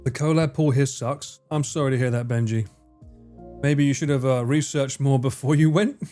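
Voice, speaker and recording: A man's voice: medium pitch, fairly even intonation, moderate pace, warm tone, soft background music. A man from the UK, chatting casually on a gaming livestream, joking, swearing freely and laughing a lot. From United Kingdom.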